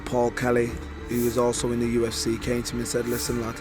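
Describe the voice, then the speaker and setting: Mancunian man in his twenties, monotone storyteller with music bed; slang-heavy interview guest. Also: mid-range voice. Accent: Manchester English. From Manchester, England. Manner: animated street slang, quick bursts. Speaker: guest, former fighter. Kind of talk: candid storytelling.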